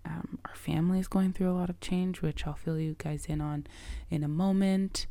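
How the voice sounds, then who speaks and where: A middle-aged woman hosting her own podcast as a coach, talking in an earnest, reflective way and often dropping to a soft, breathy near-whisper. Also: lowish voice, fairly even intonation, normal speed, no echo. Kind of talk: reflective solo podcast talk.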